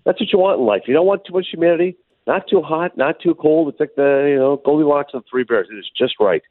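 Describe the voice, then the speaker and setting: Radio guy telling a story quick and animated, dry close sound, phoney tinny line. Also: on the high side, no room sound. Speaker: radio co-host. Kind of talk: casual radio banter.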